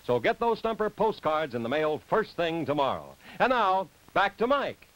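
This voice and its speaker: A man announcing on a 1960s television game show, reading a smooth promotional script. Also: a little high, very animated, moderate pace, noisy background. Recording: 1960s TV broadcast.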